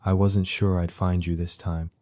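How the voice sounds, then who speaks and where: A man voicing a weary, mysterious stranger who speaks deep, quiet and hoarse. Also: little pitch movement, normal speed, dry recording, natural voice. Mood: hushed, weary.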